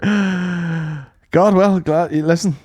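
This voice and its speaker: A man's voice: high voice, steady tone, extremely slow, a little mellow, no room sound, clean studio sound. A man co-hosting a podcast, joking and swearing in casual banter. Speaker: podcast co-host.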